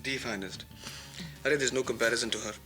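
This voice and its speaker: A man's voice: medium pitch, steady tone, fast talker, sharp tone, faint music behind, natural voice. An actor playing a boastful, flirtatious male film star with an Indian accent, breezily mixing Hindi into his English. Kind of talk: 1990s TV drama acting.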